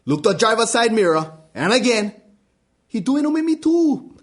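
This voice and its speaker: A man's voice: very high-pitched, sing-song, normal speed. A man reading a story aloud with a wry, storytelling delivery. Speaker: reader. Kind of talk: spoken-word story reading.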